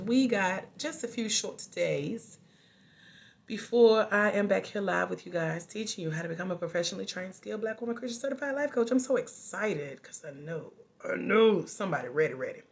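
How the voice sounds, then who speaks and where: A woman life coach chatting casually with her live-stream viewers from home, animated and often breaking into laughter. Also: fairly low pitch.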